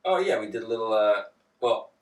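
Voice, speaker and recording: A man's voice: fairly low pitch, sing-song, brisk, recorded from a distance. A man co-hosting a casual podcast, joking around, laughing often and slipping into silly voices. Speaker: podcast co-host. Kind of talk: casual chat. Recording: echoey room, voice a bit off-mic.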